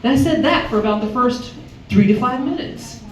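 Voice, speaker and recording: Brisk and brash, a fifty-something stand-up comedian from Chicago, Illinois, acts out voices with big pitch jumps on a comedy club stage. The recording is echoey and from far off, with faint noise and audience laughter.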